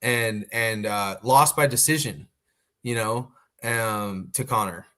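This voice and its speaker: Profane, animated male podcast co-host. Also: on the low side, slow. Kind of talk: casual chat.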